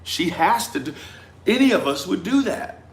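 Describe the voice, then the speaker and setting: A man's voice: sits high, sing-song, normal speed. Man musing aloud in a roomy space. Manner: conversational, frequent "right?" tags, trailing off into quiet asides. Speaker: commentator on a true-crime case. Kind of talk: reflective monologue. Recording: roomy echo with faint ambience.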